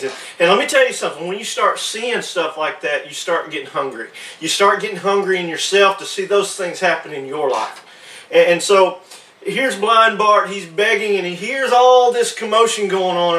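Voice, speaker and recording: Male pastor, fairly high voice, preaching a sermon with many restarts, roomy hall sound. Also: sharp tone, far from the mic.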